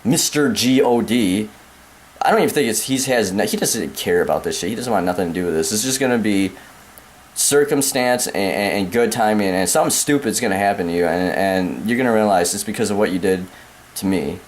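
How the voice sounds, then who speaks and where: A man's voice: fairly low pitch, animated, fairly quick. A young American man ranting angrily to camera, profane and repetitive, calling the listener man and dude. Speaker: vlogger. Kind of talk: angry rant to camera.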